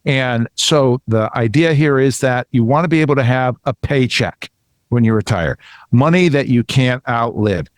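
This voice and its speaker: A man's voice: mid-range voice, normal speed, dry recording. Middle-aged man, finance show host, earnest and repetitive, dry close sound. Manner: earnest, repeats himself, restarts phrases. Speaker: podcast co-host, financial advisor. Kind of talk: casual explanatory talk.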